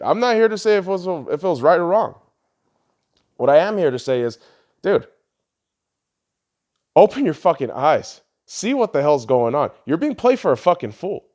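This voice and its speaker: Heated, swearing man with a lively pitch. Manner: profane, heated, lurching between loud and low. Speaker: podcast host. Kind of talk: ranting political commentary.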